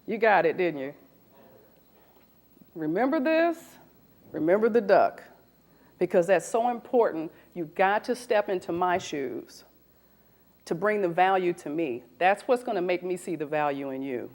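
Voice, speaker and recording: A woman in her forties, a recruiter, giving a lively talk to an audience and asking them questions. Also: lowish voice, a little slow, pauses often. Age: 40s. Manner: animated, asks the audience questions.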